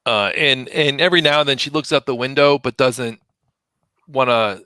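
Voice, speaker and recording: A man's voice: medium pitch, normal speed, pushed and bright, smooth, no room sound, studio quality. A man playing a tabletop game, hesitantly describing what his character does, with many fillers. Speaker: player.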